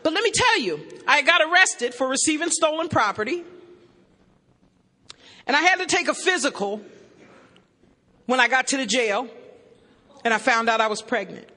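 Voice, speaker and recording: A woman giving a personal testimony to a live audience, emphatic and joking, sometimes shouting. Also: sits high, lively intonation, normal speed, pauses often. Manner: emphatic, joking and shouting between earnest passages. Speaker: speaker at a recovery meeting. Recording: reverberant hall, live amplified talk.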